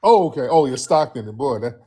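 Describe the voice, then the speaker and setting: A man's voice: medium pitch, expressive, brisk, dark tone, slightly rough. A man hosting a live-stream commentary show and taking callers, talking in an emphatic, repetitive, slang-heavy way.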